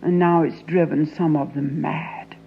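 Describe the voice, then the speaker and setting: A woman performing a dramatic monologue as an anguished young Southern woman confronting her father, intense and often sinking into a hushed whisper. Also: low voice, fairly even intonation, a little slow, vocal fry, dull audio, a little hiss or hum. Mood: anguished pleading.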